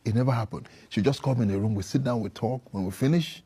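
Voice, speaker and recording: A man on a faith talk show, calmly explaining how he handles conflict in his marriage. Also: medium pitch, fast, husky. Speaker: guest husband.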